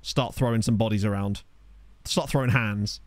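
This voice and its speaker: A young man giving chatty, excitable live commentary on a football management game while streaming and answering his chat. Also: on the low side, moderate pace, no echo. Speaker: gaming streamer. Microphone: desk USB microphone.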